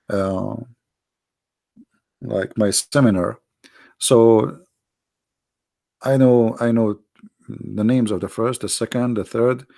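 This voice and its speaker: A man with an Arabic accent hosting a live online talk, animated and mocking, often repeating himself. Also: fairly low pitch, gravelly. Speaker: online show host. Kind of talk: casual live-stream talk.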